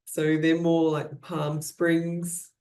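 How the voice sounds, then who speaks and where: Even-toned woman. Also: deep voice, takes it slowly. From Australia. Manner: chatty, explanatory, even-toned. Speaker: architecture guest. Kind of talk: casual interview talk.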